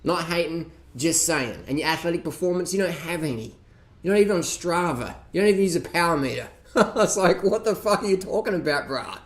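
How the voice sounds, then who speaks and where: A man's voice: a little high, lively intonation, brisk. A man ranting casually and profanely, mocking others with laughs as he reacts to a documentary. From Australia. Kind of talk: casual rant.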